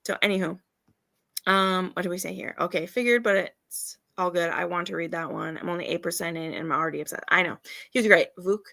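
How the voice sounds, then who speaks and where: A woman's voice: lowish voice, brisk, vocal fry, sharp tone, no echo, studio quality. A woman hosting a casual livestream chat, emphatic and chatty, with ranting asides. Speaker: readathon host.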